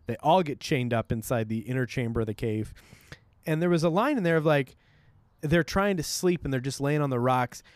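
A man's voice: mid-range voice, fairly quick, no room sound. A man co-hosting a casual comedy podcast, joking around and acting out silly quotes. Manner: jokey, acts out silly quotes, laughs often. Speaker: podcast co-host.

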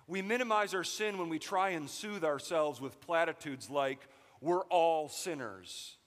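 High-voiced pastor in a reverberant hall. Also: male voice, moderate pace. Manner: animated, joking storytelling. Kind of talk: sermon.

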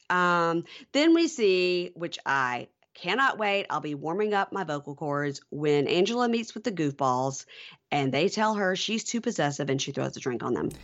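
Low-voiced woman, lively gossip recap. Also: moderate pace, lo-fi sound. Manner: acts out quotes with lively pitch jumps. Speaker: podcast co-host. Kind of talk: casual recap chat.

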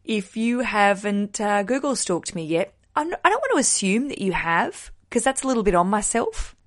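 A woman's voice: mid-range voice, big pitch swings, normal speed. Chatty Australian woman podcast host. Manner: chatty, jokey, candid asides. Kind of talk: casual comedic podcast monologue.

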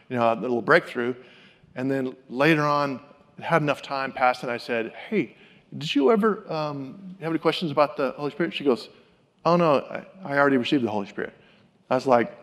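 A man preaching a sermon, telling personal stories and acting out the people he quotes in an animated way. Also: medium pitch, big-room sound. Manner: animated, acts out quoted voices. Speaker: pastor. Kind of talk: sermon storytelling.

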